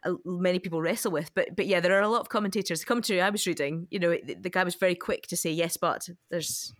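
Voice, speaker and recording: Fast-talking woman co-host, dry sound. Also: lowish voice, dry recording. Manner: quick, thinking aloud with restarts. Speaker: podcast co-host. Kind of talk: casual discussion.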